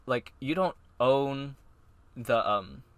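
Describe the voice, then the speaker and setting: A man's voice: mid-range voice, lively intonation, slow pace, dry recording. A man co-hosting a podcast in casual chat, rambling with lots of fillers and frequent laughs. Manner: chatty, rambling with many "like" fillers, laughs often. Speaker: podcast co-host.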